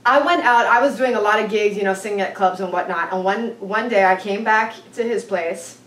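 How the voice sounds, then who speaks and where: A woman in her twenties, co-hosting a vlog, who tells a dating story in an animated way and acts out the people in it. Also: medium pitch, fairly quick. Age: 20s. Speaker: vlog co-host. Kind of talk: casual storytelling. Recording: roomy, from a distance.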